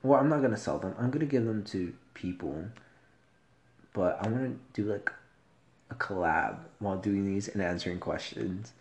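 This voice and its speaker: A man hosting a casual solo podcast, with a soft, low voice and a rambling, profane, laid-back way of talking. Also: animated, normal speed. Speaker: podcast host.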